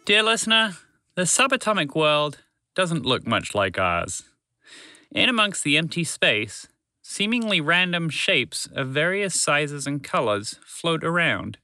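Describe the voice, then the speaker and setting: Expressive man telling a children's story. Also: a little high, measured pace, clear, resonant tone, dry recording. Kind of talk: children's bedtime story narration.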